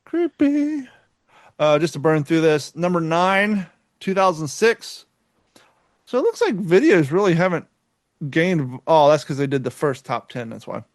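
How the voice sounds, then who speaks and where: A man's voice: fairly high pitch, lively intonation, moderate pace, no room sound. A man from Kentucky co-hosting a casual podcast, rambling, laughing often and swearing freely. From Kentucky, USA. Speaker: podcast co-host.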